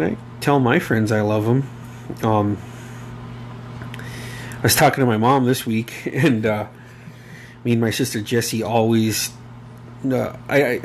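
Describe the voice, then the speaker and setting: A man's voice: mid-range voice, slight background noise. A man in his thirties hosting a casual solo podcast, rambling and emotional, swearing freely and using many fillers. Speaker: podcast host.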